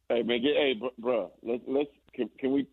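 A man's voice: mid-range voice, normal speed, slightly rough, dry recording. A man, a former basketball player, chatting casually and telling stories with stammering restarts. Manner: relaxed storytelling, stammering restarts. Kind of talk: casual chat. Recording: tinny phone-like line.

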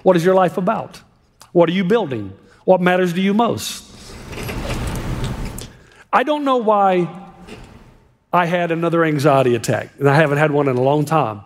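A man preaching a sermon as a pastor, impassioned, swinging between hushed and emphatic delivery. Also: fairly high pitch, moderate pace, long pauses, slight background noise. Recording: long reverb of a large hall.

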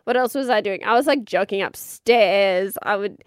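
A woman's voice: medium pitch, normal speed, clean tone, no echo, studio quality. A woman in her thirties with an Australian accent, telling a personal story in a frank, chatty way, swearing freely and laughing often.

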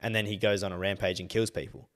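Young Australian male co-host with a low voice; casual, excitable, sweary. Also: fast. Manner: animated, swears a lot, gets loud when worked up. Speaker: podcast co-host. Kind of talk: casual chat.

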